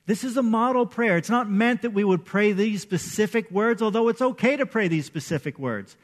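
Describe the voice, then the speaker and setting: Animated high-voiced male pastor. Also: normal speed. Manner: conversational, animated, acts out quotes. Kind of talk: sermon.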